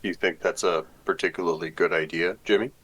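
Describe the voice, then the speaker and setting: A man's voice: deep voice, steady tone, brisk, a bit bright, breathy edge. A man playing a tabletop game, asking dry, wary questions. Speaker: player.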